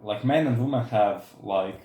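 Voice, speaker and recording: Chill young guy on a podcast, says like a lot, mellow voice, echo in the room. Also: medium pitch, normal speed. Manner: rambling, heavy use of "like" fillers. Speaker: podcast co-host. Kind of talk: casual podcast chat. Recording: roomy echo.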